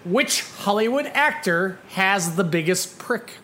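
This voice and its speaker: A man hosting a comedy history podcast, playful and teasing, quick to laugh. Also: high-pitched, lively intonation, pushed and bright, a little hiss or hum. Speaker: podcast host. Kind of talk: casual comedy podcast chat.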